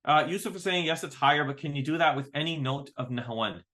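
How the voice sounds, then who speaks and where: A man's voice: a little high, quick pace, pushed and bright. A man teaching a casual online workshop on melodic modes, counting notes aloud and singing short examples. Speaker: maqam teacher.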